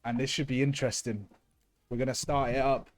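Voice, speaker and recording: A young streamer casting an esports match commentates live, excitable and loud, shouting thanks to viewers. His middle-pitched voice is turning a little hoarse as he loses it, he talks briskly, and soft music plays behind him.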